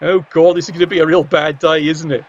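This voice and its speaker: Man, game commentator, high voice, wry cheeky asides, dull lo-fi sound. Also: little pitch movement, quick pace. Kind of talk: playful video game match commentary.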